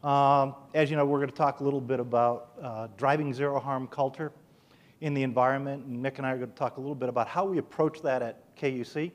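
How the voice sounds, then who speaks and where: A man, a consultant, presenting at a conference in a brisk, organized way, outlining his points. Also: medium pitch.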